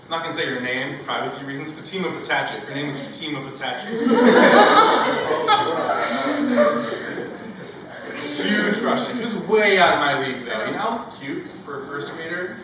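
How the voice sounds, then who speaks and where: A young man doing a stand-up comedy set, telling a childhood story with animated acted-out voices. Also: fairly high pitch, quick pace, few pauses, over a noisy crowd. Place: stage with a live audience. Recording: echoey stage from far off with audience noise.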